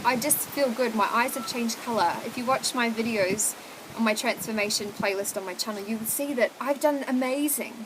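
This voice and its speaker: A woman's voice: fairly high pitch, background noise. Chatty young woman vlogging candidly. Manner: chatty and confessional, frequent "like" and "oh my God". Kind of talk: candid casual chat to camera. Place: at home.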